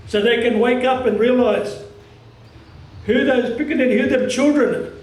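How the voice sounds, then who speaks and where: Forceful Australian man, high voice, echoey. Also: distant mic. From Cairns region, Australia. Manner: strong, forceful delivery, halting phrases. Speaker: community speaker at a commemoration. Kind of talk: impassioned public speech.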